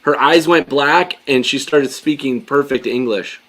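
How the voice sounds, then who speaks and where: A man's voice: mid-range voice, a little slow, a bit bright. A man guest on a live-stream chat, telling an investigation story with eager restarts.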